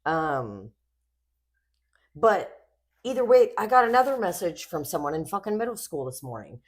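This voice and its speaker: A woman's voice: lowish voice, normal speed. A young woman co-hosting a podcast, rambling and swearing as she tells stories in casual chat. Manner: rambling, swears a lot, animated storytelling. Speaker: podcast co-host.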